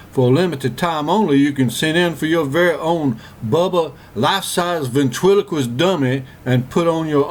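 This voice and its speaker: A man voicing Forrest Gump, a gentle, slow-witted Southern man, in a comedic first-person monologue with a slow, earnest, rambling drawl and a Southern US accent. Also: mid-range voice, a little hiss or hum, lightly acted.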